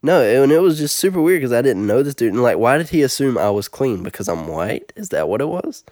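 A man's voice: mid-range voice, big pitch swings, fairly quick, a little mellow, dry recording, studio quality. A young man, a podcast co-host, telling a funny college story in casual chat and laughing often.

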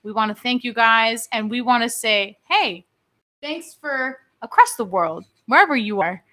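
Tipsy woman podcast host, loud and joking, high bright voice. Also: animated, measured pace. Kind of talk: casual podcast chat.

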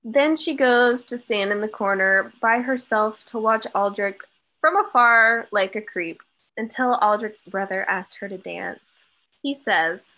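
A young woman co-hosts a book podcast, casually recapping a novel with dramatic flair, heavy swearing, and plenty of giggles. Her voice is mid-range, unhurried, bright, and forceful.

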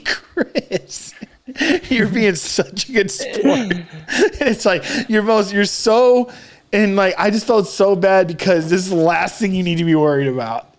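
Slow-talking man, laughing storyteller. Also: high-pitched. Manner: laughs often, tells a story with voices, swears. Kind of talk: casual chat. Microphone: remote call.

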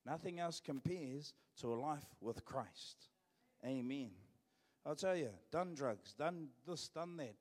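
A man's voice: a little high, slow pace, a little mellow, big-room sound. A man with a New Zealand accent, preaching a sermon as pastor in a joking, conversational way. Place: church.

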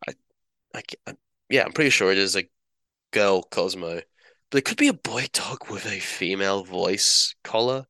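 Guy rambling excitedly about a show he watched, bright punchy voice, dry close mic. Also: low voice, normal speed, no echo. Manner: enthusiastic, rambling, acts out quoted lines. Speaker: show reviewer. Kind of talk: casual recap chat.

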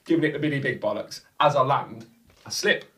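A man on a football podcast, swearing freely and telling a lively story in casual chat. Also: medium pitch, fairly quick, distant mic. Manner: swears a lot, animated anecdotes. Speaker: podcast co-host.

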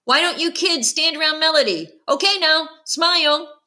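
A woman voicing loud, hurried reporters and photographers calling out over a crowd. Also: high voice, lively intonation, voice pushed up, heavily acted.

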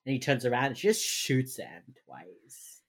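Young woman, low voice, very up-and-down, casual podcast recap, does the characters' lines. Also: normal speed, slightly rough. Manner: animated, acts out characters' lines while retelling. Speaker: podcast co-host recapping a TV episode. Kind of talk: casual chat.

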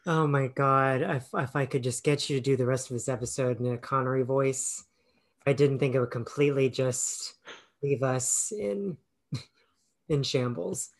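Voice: mid-range voice, fairly even intonation, measured pace. A podcast co-host chatting casually about a film, hesitant and full of fillers. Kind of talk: casual film review chat.

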